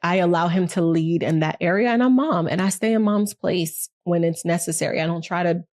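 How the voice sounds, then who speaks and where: A woman in her thirties co-hosting a podcast in casual chat, earnest and animated, often acting out what others said. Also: lowish voice, brisk. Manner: animated, earnest, quotes others in lively voices. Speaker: podcast co-host.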